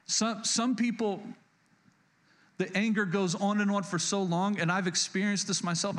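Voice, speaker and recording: High-voiced man preaching a sermon. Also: a bit bright. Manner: earnest, repeats key lines for emphasis; frequent stutters and restarts. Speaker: pastor.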